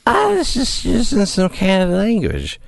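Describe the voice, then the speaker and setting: A man's voice: sits high, wildly swooping pitch, measured pace, creaky, no echo, pitched above the performer's own voice, heavily acted. A man putting on the voice of a drunk, slurring woman politician for a comedy bit. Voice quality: slurred, rambling.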